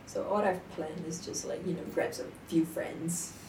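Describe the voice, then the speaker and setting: A young woman talks casually and tells her stories with animated energy. She sits back from the microphone in an echoey room. A faint hiss runs under her voice. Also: lowish voice, moderate pace. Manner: animated storytelling, laughs often. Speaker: guest. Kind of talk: casual chat. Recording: echoey room, distant mic, faint noise.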